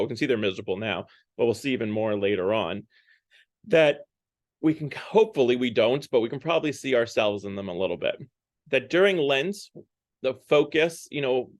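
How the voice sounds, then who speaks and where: A man speaks at a parish during Lent. He retells a story loosely and conversationally, filling his sentences with ums and likes. His voice sits at an ordinary middle pitch, and the close recording is dry, with no room sound. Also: dry recording. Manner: conversational, loose, with many fillers and hedging words.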